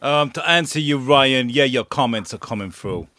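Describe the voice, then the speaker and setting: A man chatting casually in a group quiz, sheepishly apologetic and quick to laugh things off. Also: medium pitch, expressive, sharp tone.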